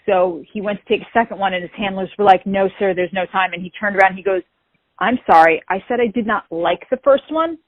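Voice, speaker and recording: A woman, telling an animated story as an interview guest and acting out the quoted dialogue. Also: mid-range voice, fast, dry recording. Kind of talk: casual storytelling. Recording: tinny phone-like call audio.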